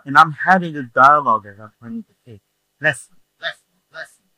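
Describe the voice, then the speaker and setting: A male preacher telling a story in a sermon, animated and acting out the scenes with shouts. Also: a little high, fairly quick, dry recording, low-quality recording.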